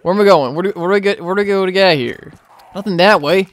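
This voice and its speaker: A young man hosting his gaming channel, giving casual play-by-play commentary and getting excitable, yelling in frustration when things go wrong. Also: sits high, fast talker, dry recording.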